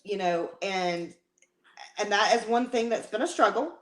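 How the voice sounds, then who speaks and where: A woman's voice: medium pitch, a little slow. Emotional, rambling woman co-host. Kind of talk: casual live-stream chat.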